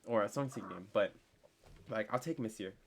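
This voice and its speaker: A young man teaching a casual online French lesson, chatty and full of fillers, slowing down to spell out words. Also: on the low side, a little hiss or hum.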